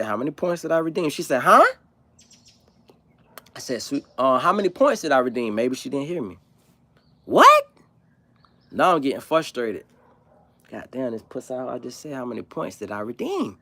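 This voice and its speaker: A man who grew up in South Florida, hosting a livestream and talking in a blunt, profane, animated way. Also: mid-range voice, a little fast, dry recording. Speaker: livestream host. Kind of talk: casual opinionated monologue.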